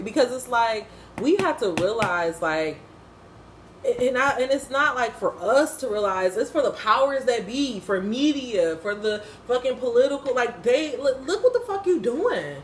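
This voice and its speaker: A woman's voice: fairly high pitch, animated, moderate pace, reverberant, slight background noise. Blunt, impassioned woman reviewing a TV episode. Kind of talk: unscripted casual commentary.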